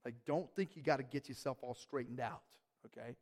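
In a church hall full of reverb, a pastor drives home his points, trading calls and responses with the congregation. He speaks briskly at medium pitch, his voice a little mellow.

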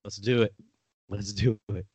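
Low-voiced, rambling male podcast host. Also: fairly even intonation, unhurried, darkish tone, no room sound, highs cut off. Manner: rambling, swears freely, laughs at his own stories. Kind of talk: casual chat.

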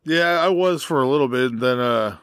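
A man from Canada co-hosting a casual gaming podcast, making dry, teasing jokes and reading lists in a deadpan way. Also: mid-range voice, a little fast, clear, resonant tone, dry recording. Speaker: podcast co-host.

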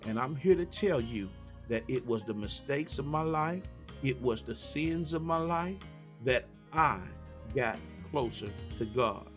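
A man preaching a sermon, moving from low asides to high, emphatic calls and repeated refrains. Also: expressive, unhurried, a bit bright, faint music behind. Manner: repetitive call-and-response preaching.

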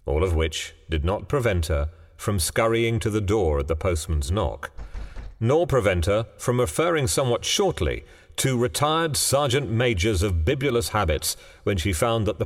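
A man narrates a ghost story in a measured, dramatic manner. His voice is deep and lively in pitch. A long hall reverb and faint music surround it.

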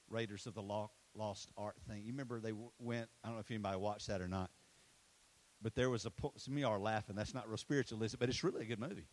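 A man preaching an energetic sermon, telling stories and chatting with the crowd, swinging from loud and animated to hushed and intimate. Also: lowish voice, quick pace, a little hiss or hum, poor audio. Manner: storytelling, conversational asides to the crowd. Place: school facility used for a church launch.

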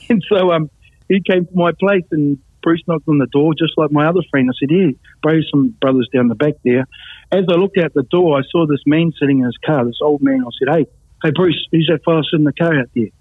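A man's voice: on the high side, brisk, slightly rough, dry recording. A man telling his life story in casual talk, acting out the voices of others and laughing often. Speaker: guest telling his testimony. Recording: tinny phone-like line, dry.

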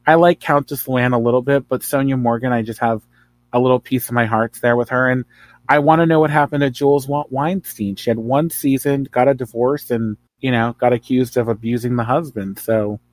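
A man's voice: mid-range voice, a little fast, dry recording. A man from New Jersey chats as a podcast guest, tossing out strong opinions and winding asides. His voice sits in a middle register. The sound is dry and close, with no room around it. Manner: opinionated, animated, rambling asides. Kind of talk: casual chat.

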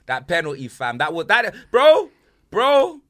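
A man's voice: high voice, huge pitch swings, a little slow, a bit bright. A young man co-hosting a football podcast, joking constantly and tagging his sentences with street slang. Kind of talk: casual banter podcast.

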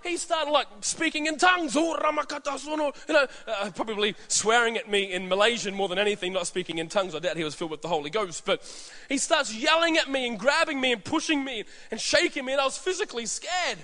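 Animated Australian pastor preaching. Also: male voice, very high voice, quick pace, few pauses. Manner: storytelling, acts out voices, many restarts. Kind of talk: sermon. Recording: echoey hall reverb.

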